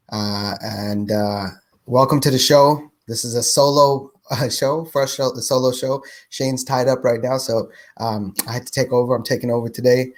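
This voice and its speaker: A man hosting a business podcast, talking in an easygoing, conversational way. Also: mid-range voice. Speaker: podcast host. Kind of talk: casual interview chat.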